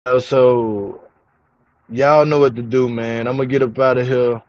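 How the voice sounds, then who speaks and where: A man's voice: medium pitch, fairly even intonation, unhurried. Fired-up man ranting to his viewers. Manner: emphatic, slangy, repeats himself, addresses viewers as y'all. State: getting angry. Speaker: reality TV commentary vlogger. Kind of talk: casual commentary rant. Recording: dull, dry, lo-fi home recording.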